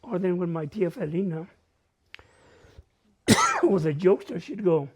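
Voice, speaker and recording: A man's voice: sits high, big pitch swings, unhurried, pauses often, breathy edge. A man with a northern New Mexico accent telling humorous personal stories at a community open mic and dropping in Spanish phrases. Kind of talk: casual personal storytelling.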